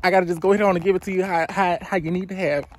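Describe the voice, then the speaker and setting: Her voice is lowish and steady, but she's racing through her words. A woman in her twenties, she vlogs outdoors beside a road near some woods, panting as she walks and giving profane, no-nonsense advice straight to her phone camera.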